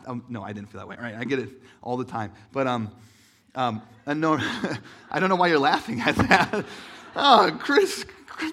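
Bright-voiced man preaching casually. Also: a little high. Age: adult, married father. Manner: chatty and self-deprecating, jokes with fillers. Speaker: pastor. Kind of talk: casual conversational sermon.

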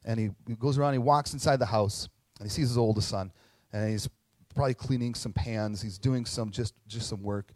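A man preaching in a casual, animated way, often checking in with tag questions. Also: on the low side, a little fast, dry recording. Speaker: pastor. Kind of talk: conversational sermon.

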